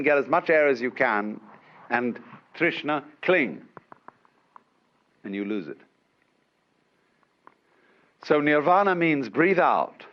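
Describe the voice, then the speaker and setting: A man giving a public lecture in an unhurried, wry way, with chuckles, on an old lo-fi recording from a lecture hall. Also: medium pitch, lively intonation. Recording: dull lo-fi archive lecture recording.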